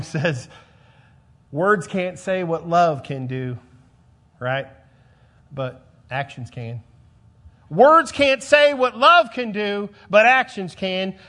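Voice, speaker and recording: A male pastor preaching a sermon, emphatic, repeating phrases and swinging between loud and soft. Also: sits high.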